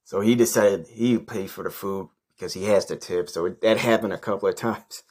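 A man's voice: on the low side, brisk, a little mellow, husky. A man hosting a podcast, telling a rambling story in a blunt, profane, casual way. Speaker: podcast host.

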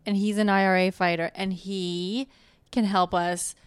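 A woman retelling a film plot in casual chat with a co-host, chatty and animated, with fillers. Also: medium pitch, unhurried, clean tone, no echo.

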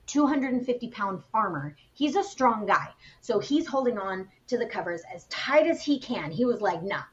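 A woman's voice: on the high side, muffled recording. Chatty woman spinning a spooky tale. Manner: animated retelling of a spooky tale, chatty with fillers. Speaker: podcast co-host. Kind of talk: casual storytelling chat.

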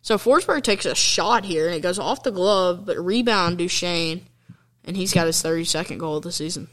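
A young man giving casual, excitable commentary over hockey highlights, chatty and fan-like, with fillers and slang. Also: moderate pace.

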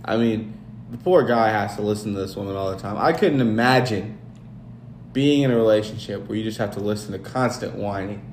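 A man's voice: a little fast, darkish tone. A man co-hosting a casual comedy podcast that recaps wrestling, mocking and joking as he goes. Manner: mocking, jumps to a high shrill voice when quoting people. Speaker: podcast co-host. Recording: echoey room with faint noise.

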